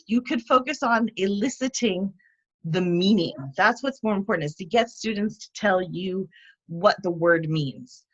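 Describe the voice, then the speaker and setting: A woman instructor giving a demo lesson on teaching vocabulary, explaining each step clearly and patiently. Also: medium pitch, lively intonation, normal speed, fairly bright tone, highs cut off. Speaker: TESOL instructor.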